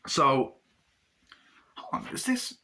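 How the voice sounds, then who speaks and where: Animated, bright-voiced man reviewing a film. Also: takes it slowly. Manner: animated, acts out scenes in bursts with heavy swearing. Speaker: movie reviewer. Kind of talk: casual movie review.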